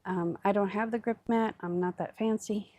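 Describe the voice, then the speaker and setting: A woman's voice: mid-range voice, fairly even intonation, moderate pace, darkish tone, no echo. Chatty woman demonstrating crafts. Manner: chatty, self-deprecating, thinks aloud with fillers. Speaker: crafting livestream host.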